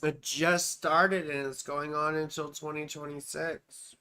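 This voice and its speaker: A woman reads a viewer's chart on a live stream at an unhurried pace, and her tone is bright and a little tense. She wanders off into asides and apologies. She keeps calling the listener sweetheart and baby. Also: sits low, little pitch movement. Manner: rambling, drifts into asides and apologies. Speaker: astrologer.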